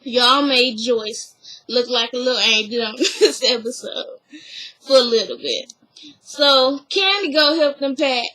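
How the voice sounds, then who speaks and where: Woman, high bright voice, unhurried chatty recap storyteller. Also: low-quality recording. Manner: chatty storytelling, drawn-out asides. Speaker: reality show recapper. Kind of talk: casual episode recap.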